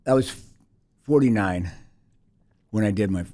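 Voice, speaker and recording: A man in his sixties, a podcast guest telling a personal story in a halting, reflective way with many restarts. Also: lowish voice, dark tone, dry recording, clean studio sound. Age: 60s.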